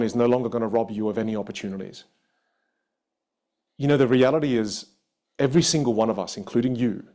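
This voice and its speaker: A man teaching a live online communication workshop, lively and dramatic, acting out the voices of the people in his stories. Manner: animated, acts out quoted voices with big pitch jumps. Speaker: communication coach.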